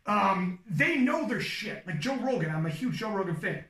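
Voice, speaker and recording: Casual male talker, high-pitched and animated with a cussing streak, set a bit back from the mic in a roomy space. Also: normal speed, recorded from a distance. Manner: animated, swearing, demonstrates hype commentary voice. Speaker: powerlifting commentator. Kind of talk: casual podcast chat giving advice.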